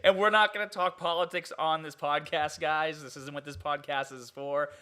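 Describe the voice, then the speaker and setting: A young man hosting a podcast, talking in an animated, incredulous way and laughing often. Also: a little high, normal speed, clean tone. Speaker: podcast host. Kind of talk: casual podcast chat.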